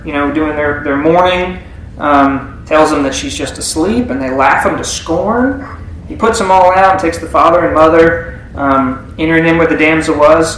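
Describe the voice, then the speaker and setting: High-voiced preacher in a very echoey church. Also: male voice, a bit bright, recorded from a distance, a little hiss or hum. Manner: conversational, asks the congregation questions. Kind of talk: sermon. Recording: very echoey room.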